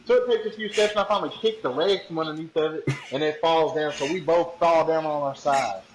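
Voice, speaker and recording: A man, a podcast guest, telling a story in a slangy, animated, casual way. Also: a little high, quick pace, roomy sound, a little hiss or hum, rough recording. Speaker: podcast guest, hunting ambassador.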